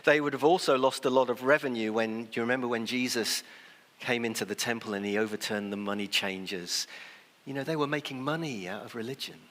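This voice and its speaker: A man's voice: mid-range voice, brisk, fairly bright tone. A man preaching a sermon in a conversational way, sometimes acting out the people he quotes. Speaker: pastor. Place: church. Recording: long church reverb.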